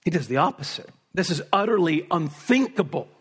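A man preaching an expository sermon, speaking emphatically and building to forceful peaks on repeated phrases. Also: fairly high pitch, lively intonation, brisk, breathy edge.

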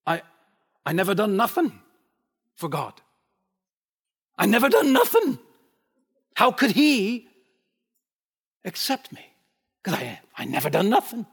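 A man's voice: high voice, huge pitch swings, fast talker, hardly any pauses, a bit bright, husky, pitched above the performer's own voice, full character voice. A preacher doing a poor dying old Scotsman. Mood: pleading. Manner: plaintive, broken grammar. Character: poor dying old Scottish man, humble.

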